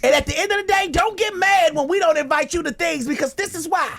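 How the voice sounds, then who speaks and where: A man hosting a radio talk show, telling stories in loud, animated casual chat full of swearing. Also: very high-pitched, quick pace, vocal fry.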